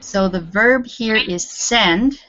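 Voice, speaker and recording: A woman's voice: mid-range voice, takes it slowly, pushed and bright, dry recording, highs cut off. A woman teaching an English grammar class online, correcting students patiently and encouragingly.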